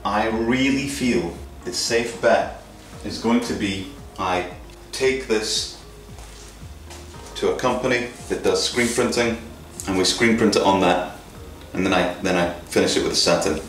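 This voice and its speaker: A man's voice: fairly low pitch, a little slow, fairly bright tone, distant mic. Chatty man thinking aloud in a workshop. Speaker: maker vlogger. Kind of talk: casual workshop narration. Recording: roomy sound with music behind.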